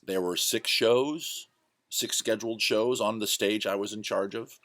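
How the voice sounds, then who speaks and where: A man's voice: on the low side, fairly even intonation, a little slow, a bit bright, no echo, studio quality. A man hosting his own show, casually telling rambling, self-correcting stories from his past. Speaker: host. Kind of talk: casual storytelling monologue.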